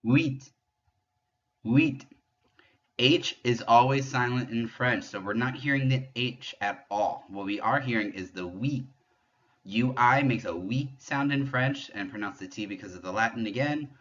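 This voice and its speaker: A man giving a patient pronunciation lesson, explaining French sounds step by step and demonstrating them slowly. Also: medium pitch, fairly bright tone, muffled recording. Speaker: French teacher.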